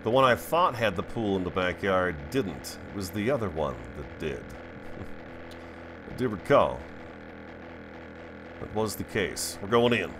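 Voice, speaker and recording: A man's voice: low voice, expressive, unhurried, long pauses, background noise. A man hosting a gaming video, chatting to his viewers as he plays. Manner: chatty, talks to viewers while playing. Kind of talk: let's play commentary.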